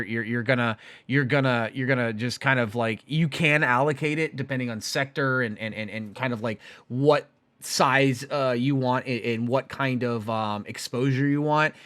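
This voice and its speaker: A man hosting a live stream call-in show, excitable and rambling, with many restarts. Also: medium pitch. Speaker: host.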